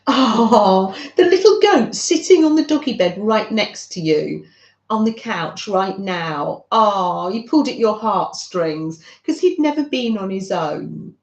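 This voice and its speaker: Gentle woman chatting slowly. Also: medium pitch, expressive, reverberant, low-quality recording. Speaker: craft channel host. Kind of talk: casual livestream chat with viewers.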